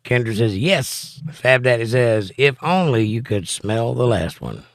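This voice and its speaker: A man's voice: mid-range voice, lively intonation, a little slow, vocal fry, no echo, studio quality. A man hosting a casual livestream from home, reading viewer chat aloud and joking back. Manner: reads chat messages aloud, wisecracking.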